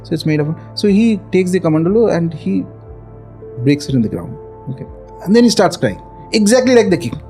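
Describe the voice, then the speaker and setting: A man tells an old legend in a loose, conversational way. He leans on fillers and slips into Hindi phrases now and then. His voice is mellow and somewhat higher than most men's, with faint instrumental music underneath. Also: animated, fairly quick. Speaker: podcast guest storyteller. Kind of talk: casual spoken storytelling.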